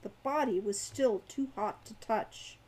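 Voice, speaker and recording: A woman reading her own fantasy novel aloud in a measured, expressive way. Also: fairly high pitch, slightly rough, poor audio.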